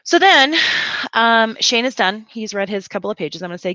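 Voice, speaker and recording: A woman reading teacher explaining a lesson plan step by step in a relaxed, conversational way. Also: fairly high pitch, normal speed, no room sound, dull audio. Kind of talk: instructional walkthrough.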